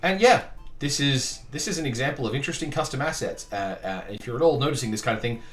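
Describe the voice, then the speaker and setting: Let's play host, wry commentary, animated voice, echoey room. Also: medium pitch, quick pace, faint music behind. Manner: wry, lively, reads game text aloud. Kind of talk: casual game commentary. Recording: roomy echo.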